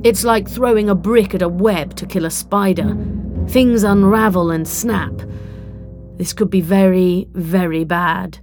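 Woman reading as a calm, wry gentleman time traveller. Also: lowish voice, a little slow, over music. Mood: grave.

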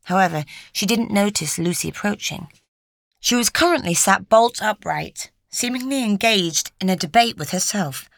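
A woman reading a story aloud in a measured, even storytelling manner. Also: medium pitch, gravelly, dry recording, studio quality. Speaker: narrator. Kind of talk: scripted narration.

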